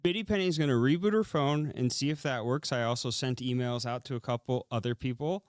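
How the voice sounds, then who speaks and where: A man working behind the scenes of a live show speaks in short, practical remarks. His voice sits at a middle pitch. The sound is dry. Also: fairly quick, smooth, no echo. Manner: brief, practical.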